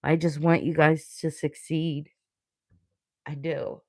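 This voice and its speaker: Slow, blunt woman tarot reader. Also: sits low, little pitch movement. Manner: blunt, profane, motivational; earnest, emotional. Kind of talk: livestream tarot reading.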